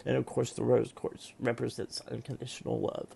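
A man with a deeply gravelly, rough-edged voice speaks to camera while seated at home. His speech is halting and emotional, full of restarts and pauses. His pitch sits in an ordinary middle range. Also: monotone, warm tone. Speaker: tarot reader and vlogger. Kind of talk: casual heartfelt monologue to camera.

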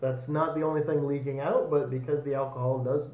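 A man's voice: medium pitch, little pitch movement, a little fast, few pauses, a little mellow. An American man co-hosting a podcast, telling a long rambling story in casual chat with many fillers, on a lapel mic. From United States. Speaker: podcast co-host. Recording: echoey room, slightly dull sound.

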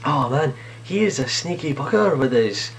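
A fairly high, animated male voice at a moderate pace, with a slight hiss or hum. The video blogger acts out a casual improvised skit in his sitting room, bantering and self-mocking as both himself and his clone. A camera perched on a TV unit picks it up.

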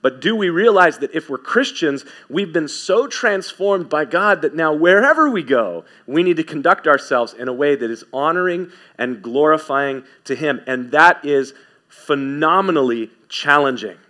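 A man's voice: on the high side, animated, fairly bright tone. Emphatic preaching pastor, man. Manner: emphatic, repeats key phrases, varies pace from rapid asides to slow stressed words. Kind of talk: sermon.

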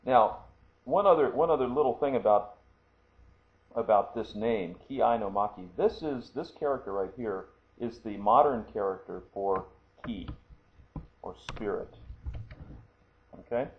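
A man's voice: fairly low pitch, measured pace, long pauses. A man teaching a lesson, explaining patiently and often checking in with the listener. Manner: patient, explanatory, frequent "okay?" check-ins. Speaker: martial arts instructor. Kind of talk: screen-recorded lesson. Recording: tinny phone-like audio, faint hiss.

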